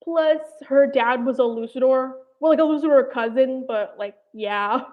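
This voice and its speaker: A woman's voice: high-pitched, normal speed. Rambling young woman on a tinny stream. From New Jersey. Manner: rambling, hesitant, many "like" and "I don't know". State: slightly out of breath. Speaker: animation commentary channel host. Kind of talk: casual livestream chat. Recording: tinny phone-like audio.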